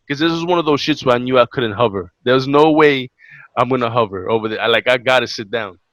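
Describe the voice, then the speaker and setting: A man's voice: medium pitch, no echo. A young man tells a story in casual podcast chat, cursing often and slipping into quoted voices. His voice sits mid-range and the recording is dry and close. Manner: animated, profane, acts out quotes. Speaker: podcast co-host.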